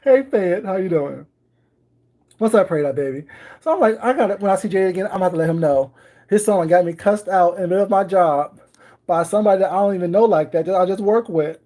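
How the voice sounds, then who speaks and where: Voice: medium pitch, fast talker, dark tone. Chatty livestream host baking at home. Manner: chatty, greets viewers by name, wry and ironic. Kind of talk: casual livestream chat with viewers. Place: home kitchen while baking.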